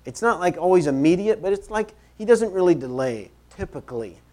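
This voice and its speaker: A man preaching a sermon in church, conversational and animated, repeating phrases for emphasis as he moves about. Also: high-pitched, fairly quick. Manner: moves around while preaching. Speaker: pastor.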